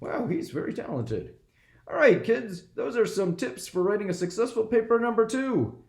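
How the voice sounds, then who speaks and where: A man's voice: high-pitched, big pitch swings, moderate pace, creaky, darkish tone, full character voice. A man doing a folksy impression of a president, hosting a comedic classroom skit with exam tips. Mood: cheerful. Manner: folksy, chatty, upbeat. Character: adult male impression of a former US president. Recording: echoey room.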